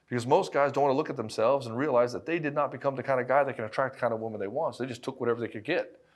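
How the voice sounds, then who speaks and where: A middle-aged man coaching married men in a blunt, profane, emphatic monologue, speaking straight to the listener. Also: medium pitch. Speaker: relationship coach. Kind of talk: direct-to-camera monologue.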